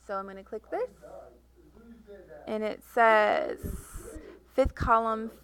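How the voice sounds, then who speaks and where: Woman, software tutorial instructor, step-by-step narration, a gravelly fry in her voice. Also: fairly high pitch, huge pitch swings, slow pace. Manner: talks through each click step by step; reads instructions aloud, correcting herself. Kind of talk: screen-recorded software tutorial.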